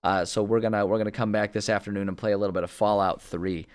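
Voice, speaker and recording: A man's voice: on the low side, level tone, quick pace. A streamer thinking aloud in casual chat as he plans a story, rambling with many fillers and restarts. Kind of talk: casual livestream chat about story planning.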